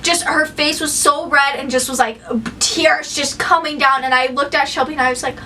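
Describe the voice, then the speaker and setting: A woman's voice: sits high, steady tone, normal speed, bright, forceful tone. A young woman co-host casually chatting, chiming in on a shared story. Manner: chatty, chimes in with laughs. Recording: slightly distant mic, faint background noise.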